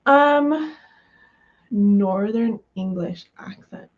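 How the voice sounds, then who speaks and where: A woman's voice: mid-range voice, drawn-out words, phone-quality sound. A woman from the US West Coast chatting casually with viewers on a livestream, giggly and full of fillers, just over being sick. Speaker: livestream host.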